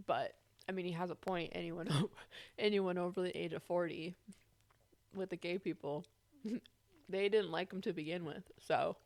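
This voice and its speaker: Young woman co-host with a lowish voice, rambling casual chat between bites. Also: steady tone, moderate pace, a little mellow. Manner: loose, rambling, laughs often. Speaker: podcast co-host.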